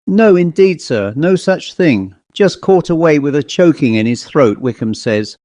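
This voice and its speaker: A man reading an audiobook and voicing a rector's flustered, chattering housekeeper in a higher, rustic voice. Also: expressive, a little slow, mellow, dry recording. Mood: agitated. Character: agitated woman, a rector's gossipy housekeeper.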